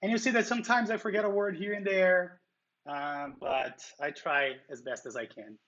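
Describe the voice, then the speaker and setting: A man's voice: sits high, moderate pace, fairly bright tone, dull audio. A man from Brazil with a heavy Brazilian Portuguese accent, hosting a livestream and chatting casually, answering viewers' comments. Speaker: livestream host.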